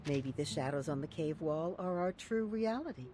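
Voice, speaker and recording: A woman's voice: deep voice, expressive, moderate pace, mellow, slight background noise. An actress voicing a philosophical woman in a game, questioning truth and fixed rules. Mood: musing. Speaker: game character. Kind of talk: game voice acting.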